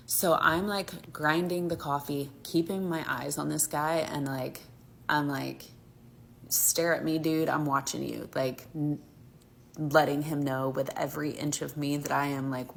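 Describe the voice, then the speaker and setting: A mother from Alabama tells a casual story about her kids, getting heated and emphatic and saying "like" constantly. Her voice is deep and a little slow, with vocal fry and fairly even intonation. There's a faint hiss or hum in the background.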